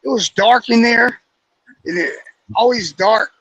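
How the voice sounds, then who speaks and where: A man's voice: very high voice, measured pace, a bit bright, breathy edge, dry recording, highs cut off. A man co-hosting a morning talk show, trading short laid-back reactions and asides in casual chat.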